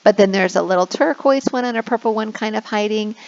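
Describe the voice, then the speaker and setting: A woman explaining classroom screens as an online English teacher, now and then slipping into a slow sing-song to model prompts for kids. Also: medium pitch, darkish tone. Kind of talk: instructional screen walkthrough. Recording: dull lo-fi recording.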